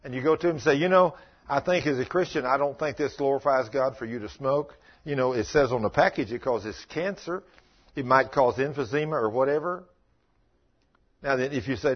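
A man's voice: medium pitch, fairly quick, husky, lo-fi sound. A man preaching a sermon as pastor, telling folksy stories and building to emphatic scolding.

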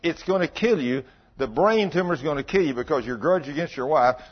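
A man's voice: on the high side, lively intonation, brisk, muffled recording. A man preaching a sermon in a folksy storytelling way, acting out both sides of past conversations. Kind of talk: sermon with acted-out dialogue.

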